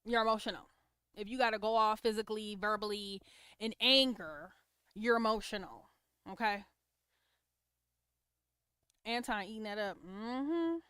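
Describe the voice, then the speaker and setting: A woman's voice: mid-range voice, unhurried, pauses often, pushed and bright, smooth, no room sound, clean studio sound. A woman hosting a casual livestream, giving opinionated commentary on clips and reacting to viewer comments. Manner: opinionated, talks back to chat comments.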